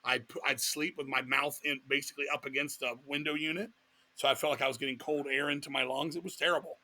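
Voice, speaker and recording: A middle-aged man from Virginia, telling a long personal story in an interview with a blunt, profane, animated manner. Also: a little high, quick pace. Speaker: guest musician.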